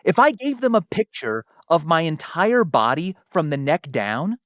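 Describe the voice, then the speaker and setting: Male co-host, casual science chat, animated delivery with acted-out quotes, dry room. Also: a little high, unhurried, no room sound. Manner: animated, acts out little quoted exchanges.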